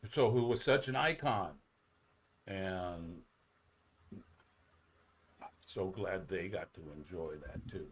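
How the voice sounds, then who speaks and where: A man, a former ballplayer, telling rambling, animated stories on a sports talk show, with many restarts. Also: low-pitched. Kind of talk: casual storytelling on sports talk radio.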